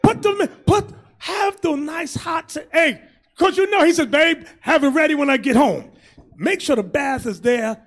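A man preaching as a bishop in a loose, comic style, animated and often shouting, acting out quotes. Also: very high voice, normal speed.

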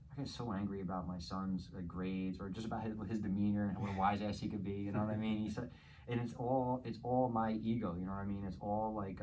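A man's voice: on the low side, mellow, a little hiss or hum, low-quality recording. A man in his forties from New Jersey, a podcast guest speaking in candid, casual chat, frank and profane, flaring up when he vents. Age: 40s.

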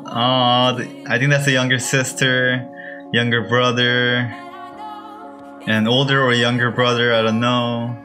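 A man's voice: medium pitch, little pitch movement, unhurried, sharp tone, faint music behind. A young man from Korea, reacting on video with emotional exclamations and gasps. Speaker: YouTube reactor.

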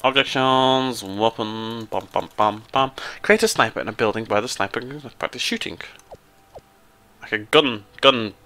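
A British man hosting a casual gameplay commentary, excitable and prone to jumping into high squeals. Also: normal speed. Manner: excitable, jumps into high squeals when surprised or delighted. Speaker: let's play host.

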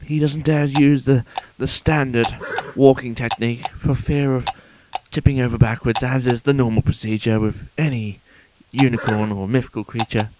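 A man playing a pompous, excitable sports announcer in mock commentary over a video game, with formal announcer phrasing, recorded on a noisy home mic. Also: very high voice, fast, few pauses, pitched above the performer's own voice, heavily acted. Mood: hushed commentary. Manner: formal announcer phrasing, shouts at near misses.

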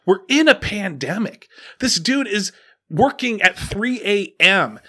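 A man's voice: high-pitched, big pitch swings, unhurried, bright, forceful tone. A man, around his thirties, hosting a podcast in casual chat, telling a story with many restarts and acted-out quotes. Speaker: podcast host.

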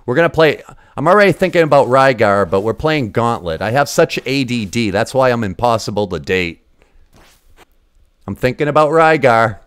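A man's voice: mid-range voice, moderate pace, clear, resonant tone, no room sound. A man in his forties from Massachusetts with a Boston accent, chatting loosely and swearing a lot as he plays old games on a livestream. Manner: profane, rambling and excitable. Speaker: streamer. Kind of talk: casual gaming livestream chat.

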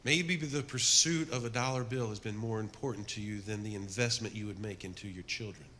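A middle-aged man preaching a sermon to a men's group, telling stories with energy and then dropping to a soft, earnest appeal. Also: lowish voice, brisk, slight background noise. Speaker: men's ministry speaker.

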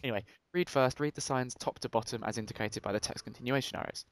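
A man's voice: medium pitch, fast talker. A young man co-hosting a Let's Play, reading in-game signs aloud and bantering casually. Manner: joking, reads in-game text aloud. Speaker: gaming co-host.

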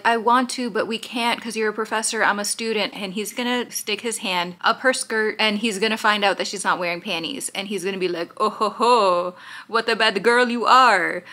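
A woman in a casual reading vlog, dryly sarcastic as she picks apart a novel. Her voice sits at an ordinary middle pitch, and she talks straight to a handheld camera. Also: sharp tone. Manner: sarcastic, snarky. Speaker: book reviewer.

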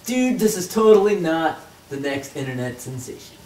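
Silly homemade-video host, lively pitch, roomy and distant sound. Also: normal speed. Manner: hyped and silly, shouts catchphrases. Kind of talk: goofy comedy sketch. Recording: echoey room, far from camera.

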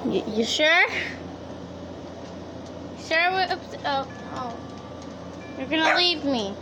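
A woman's voice: high-pitched, expressive, takes it slowly, background noise. Young woman cooing at her dogs. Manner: fond baby talk to dogs. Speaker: vlogger. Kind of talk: casual vlog talking to pets. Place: grandmother's home, in and out of doors.

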